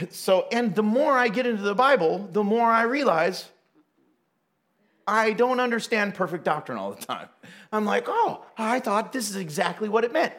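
A man with a notably high voice preaches in a relaxed, conversational way. He laughs often as he talks. He acts out the people in his story with quick little voices. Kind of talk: casual sermon.

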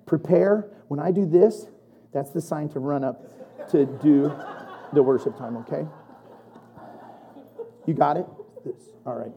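A preacher giving a sermon, animated and chatty, laughing often and building to loud emphasis. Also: mid-range voice, a little slow, pauses often. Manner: chatty asides to the congregation.

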